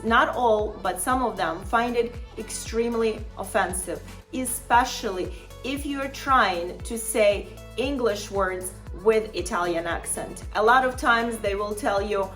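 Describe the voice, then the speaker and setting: A woman's voice: medium pitch, a bit bright. A woman travel vlogger giving friendly tips straight to her viewers, chatty and encouraging with frequent little laughs. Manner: chatty and encouraging, addresses viewers as "fabulous people", laughs often. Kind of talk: upbeat tips vlog to camera.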